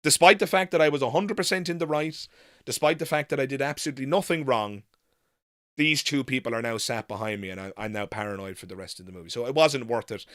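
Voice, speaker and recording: A man hosting a live Q&A, telling a story in an animated, frank way and swearing casually. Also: medium pitch, quick pace, no room sound, clean studio sound. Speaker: host.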